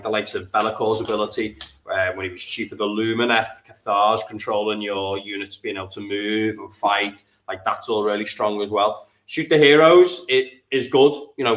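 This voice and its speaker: A man's voice: fairly low pitch, fairly bright tone, reverberant. A man with an English accent chatting casually while playing a tabletop wargame. He rambles, corrects himself as he goes, and laughs easily. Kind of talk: casual chat during a game.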